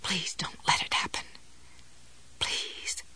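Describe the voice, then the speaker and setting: A woman doing a desperate, breathy trapped woman. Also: slow pace, pushed and bright. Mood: pleading whisper. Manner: breathy whispering and high strained cries.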